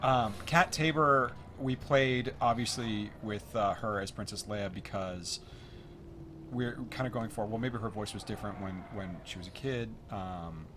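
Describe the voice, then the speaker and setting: Man, game developer commentary, lively storyteller, low-ish voice, noisy track. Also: measured pace. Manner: animated storyteller, acts out quotes.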